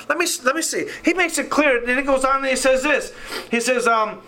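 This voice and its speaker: A man's voice: very high voice, a little fast, sharp tone, recorded from a distance, rough recording. A man preaching a sermon, fervent and full of rhetorical questions, reading scripture aloud.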